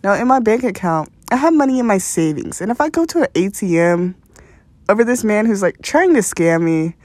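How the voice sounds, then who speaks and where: A woman's voice: medium pitch, lively intonation, a little fast, a little mellow, dry recording. A young woman hosting a podcast, telling a rambling story in a casual, profane way and laughing often. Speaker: podcast host.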